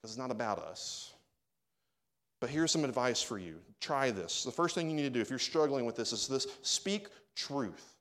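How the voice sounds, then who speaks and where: A man's voice: medium pitch, expressive, normal speed, fairly bright tone. A man pastor preaching a sermon, conversational and speaking directly to his congregation.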